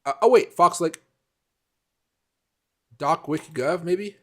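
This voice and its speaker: A man's voice: a little high, slow pace, fairly bright tone. A man hosting a casual live stream, rambling and answering viewer comments by name, with many fillers and restarts.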